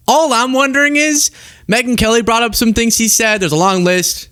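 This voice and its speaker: A man's voice: extremely high pitch, fairly quick, bright, forceful tone, clear, resonant tone, no echo. A man hosting a political commentary show, talking sarcastically and mocking the clips he reacts to. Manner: mocking, jumps into exaggerated impressions.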